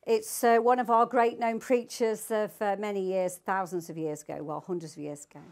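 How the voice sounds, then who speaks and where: A woman's voice: mid-range voice, steady tone, moderate pace, a little mellow. An older woman teaching the Bible to a small group, reading scripture aloud and asking her listeners emphatic questions.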